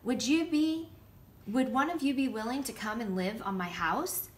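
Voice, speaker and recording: Woman doing a gentle polite hermit crab. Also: fairly high pitch, normal speed, pitched above the performer's own voice, natural voice. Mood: admiring, polite. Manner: polite, admiring, softly pleading.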